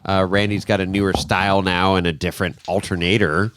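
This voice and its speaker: A man's voice: low-pitched, level tone, brisk, fairly bright tone, clear, resonant tone. A man hosting a casual podcast, asking questions conversationally and telling his own side of the story. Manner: conversational, mixes in quoted dialogue with swearing. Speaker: podcast host.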